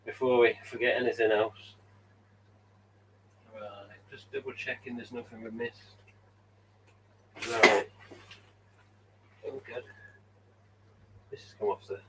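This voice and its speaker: A man's voice: medium pitch, steady tone, a little slow, long pauses, a bit bright, slight background noise. Chatty man streaming from a distance. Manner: rambling, chatty, swears casually. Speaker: live stream host. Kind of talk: casual live stream chat. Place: room at home with mask collection.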